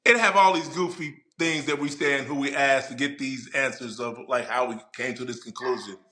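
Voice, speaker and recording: A man in his forties, a podcast guest and former player and coach, telling stories in a loud, profane, emphatic way. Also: medium pitch, a little fast. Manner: animated, profane, emphatic storyteller. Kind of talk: casual podcast chat.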